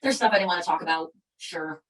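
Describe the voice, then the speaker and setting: Fast-talking fervent motivational woman. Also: lowish voice, fairly bright tone, rough recording. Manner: fervent, preachy, rapid-fire. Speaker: MLM company leader giving a training talk. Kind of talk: motivational speech.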